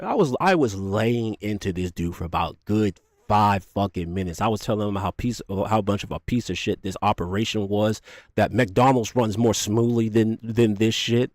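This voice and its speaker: Profane low-voiced man telling a story. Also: moderate pace, no echo, studio quality. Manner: profane, animated retelling with acted quotes. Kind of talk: casual storytelling.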